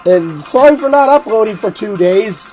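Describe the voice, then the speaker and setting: A man's voice: high voice, expressive, normal speed, darkish tone. Stuffy-nosed man rambling with restarts. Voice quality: nasal. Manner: rambling, many restarts and fillers. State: stuffy nose and sore throat. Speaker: gaming video co-host. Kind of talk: casual chat. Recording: slightly dull recording with faint music.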